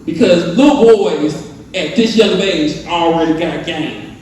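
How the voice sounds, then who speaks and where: A young man with a Southern US accent doing a loose, animated stand-up set, asking the crowd questions as he tells stories. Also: fairly high pitch, a little slow. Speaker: stand-up comedian. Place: live comedy venue with audience. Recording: echoey, distant room mic.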